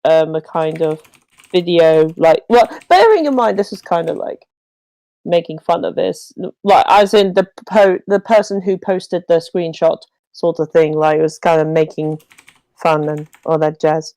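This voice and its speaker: Slow, rambling woman on a dry mic. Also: low-pitched, dark tone, no echo, poor audio. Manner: rambling, full of "like" and restarts, teasing. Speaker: co-host. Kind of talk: casual chat on a livestream.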